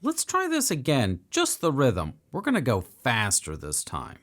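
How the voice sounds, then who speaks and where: A man's voice: mid-range voice, wildly swooping pitch, measured pace, a bit bright. A man teaching a beginner piano lesson for children, upbeat and encouraging as he counts and sings along.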